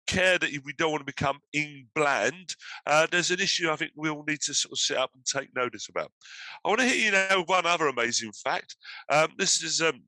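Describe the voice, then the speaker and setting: A man's voice: fairly high pitch, sharp tone, dry recording, rough recording. A man hosting an online panel discussion over a video call, talking in a hesitant way with many fillers. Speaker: host.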